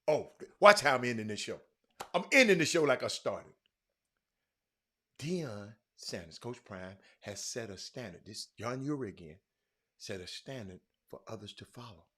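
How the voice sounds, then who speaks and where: A middle-aged man hosting a sports talk show, chatting loudly and calling out viewers by name in casual Southern vernacular. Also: medium pitch, moderate pace, breathy edge. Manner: loud, excitable, calls out viewers by name; Southern vernacular, y'all and ain't. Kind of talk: casual livestream chat reading comments.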